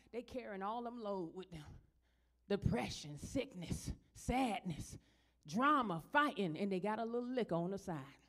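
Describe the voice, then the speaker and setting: In a church, a middle-aged woman minister preaches a sermon, first talking plainly to the congregation, then building to loud, high, emphatic passages.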